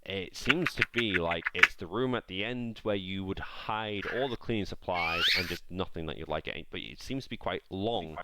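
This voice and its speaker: A man's voice: sits low, moderate pace, few pauses, very noisy. A man narrating a tabletop game as game master, describing scenes in a rambling way with many fillers.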